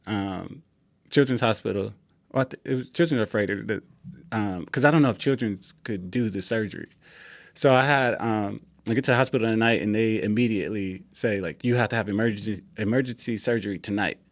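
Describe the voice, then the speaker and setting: Young male guest with a lowish voice and a dry, close sound. He tells a story casually and acts out the quotes. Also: no echo. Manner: relaxed, acts out quoted dialogue. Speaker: interview guest.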